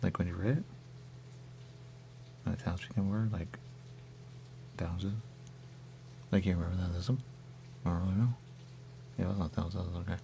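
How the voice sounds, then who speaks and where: A deep-voiced man with a gravelly edge hosts a radio show in casual chat. He rambles and muses aloud. A faint hum runs under the recording. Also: expressive, brisk, long pauses, mellow.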